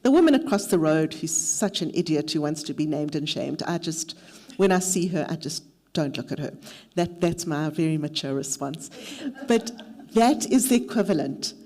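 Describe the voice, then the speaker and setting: A woman's voice: deep voice, expressive, moderate pace, dark tone. A middle-aged woman leading a mentorship workshop, mixing practical advice with a candid, self-deprecating personal story. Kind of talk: workshop talk with personal anecdote.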